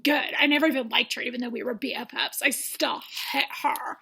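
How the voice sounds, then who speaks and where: A woman's voice: high-pitched, steady tone, fairly quick, creaky, sharp tone, a little hiss or hum, full character voice. A woman voicing a jealous, spiteful young woman on a dating show, snippy and scornful. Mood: catty.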